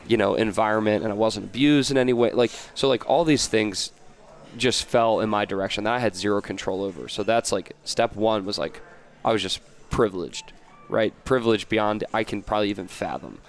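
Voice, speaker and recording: An American man talking casually as a podcast guest, rambling and animated, with many restarts and fillers. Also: on the low side, brisk. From United States. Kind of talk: casual interview chat.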